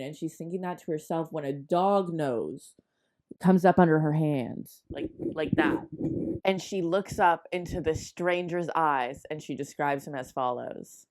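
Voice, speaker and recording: A woman's voice: low-pitched, a little slow, darkish tone. A woman recapping a book in a comedic, sarcastic, chatty way, full of exaggerated asides.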